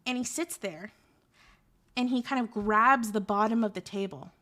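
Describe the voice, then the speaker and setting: A woman streamer telling a story in a casual, animated, rambling way with lots of fillers. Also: medium pitch, moderate pace.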